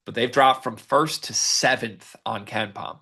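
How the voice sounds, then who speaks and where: His mid-range voice is bright and forceful but unhurried as he leads the sports podcast segment. The co-host reads out stats and sets up each question in casual conversation, hiccuping throughout.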